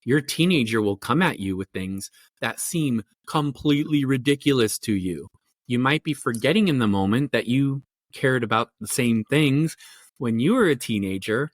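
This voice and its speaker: A middle-aged man who works as a family therapist talks through his ideas in a relaxed podcast interview. He wanders and restarts often. His voice has a medium pitch, and the sound is close and dry with no room echo. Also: moderate pace. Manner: thoughtful, rambling, with many fillers and restarts. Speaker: family therapist and parenting coach.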